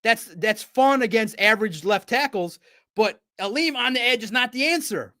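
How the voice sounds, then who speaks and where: A man hosting a casual sports talk show, riffing in an animated, jokey way with sudden loud bursts. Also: very high-pitched, moderate pace.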